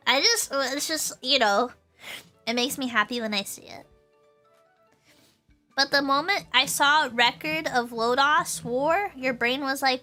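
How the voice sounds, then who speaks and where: Young woman streaming, high bright voice, rambly and giggly, bit of music behind. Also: unhurried. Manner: bubbly, rambling, laughs often, repeats herself. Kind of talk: casual chat with stream chat.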